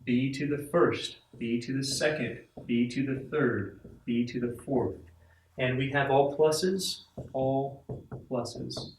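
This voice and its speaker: A man's voice: mid-range voice, takes it slowly, distant mic, slight background noise. Enthusiastic male math teacher in echoey classroom. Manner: enthusiastic, animated, talks to students directly.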